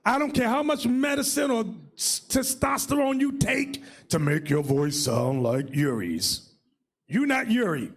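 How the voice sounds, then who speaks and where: A man leading a religious class as bishop, preaching in a loud, mocking, shouting manner. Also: very high-pitched, very animated, measured pace, breathy edge. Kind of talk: fiery religious teaching.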